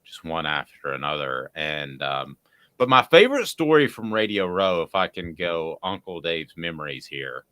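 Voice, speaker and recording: A man co-hosting a sports talk show, spinning a long anecdote with plenty of ums and restarts. His pitch sits low but swings widely, and his tone is bright and forward. The sound is close and dry. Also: moderate pace, no echo. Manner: rambling, animated storyteller with filler words. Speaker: sports radio co-host. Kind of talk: casual radio chat, storytelling.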